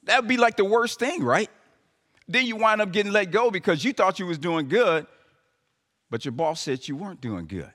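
A man's voice: high-pitched, expressive, moderate pace, fairly bright tone. A man preaching a sermon, talking to the congregation conversationally with emphatic rising calls. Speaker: pastor. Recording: live sermon in a reverberant hall.

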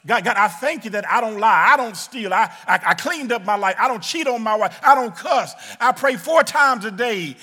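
A man voicing a self-righteous male church deacon who prays loudly and boasts of his own goodness. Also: high voice, lively intonation, moderate pace, hardly any pauses, husky, long reverb tail, pitched above the performer's own voice, exaggerated voice. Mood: boastful. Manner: boastful, loud, proud.

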